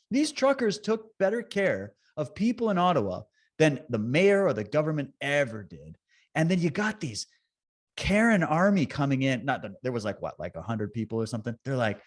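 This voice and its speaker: A man talking as a podcast guest, telling stories in an animated, swearing, fired-up way with quick impressions. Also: a little high. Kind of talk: casual conversation.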